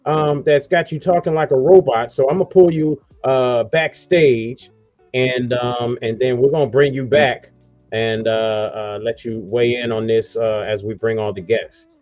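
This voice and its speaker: A man's voice: medium pitch, steady tone, measured pace, darkish tone, no echo, muffled recording, faint music behind. A man hosting a casual online radio talk show, rambling loosely through promos and introductions. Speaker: host.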